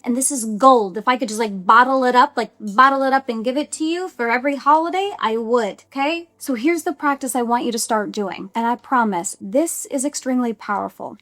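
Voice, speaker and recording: A middle-aged woman giving a casual motivational talk to camera, chatty and animated with playful asides. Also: high voice, dry recording. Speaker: self-help vlogger.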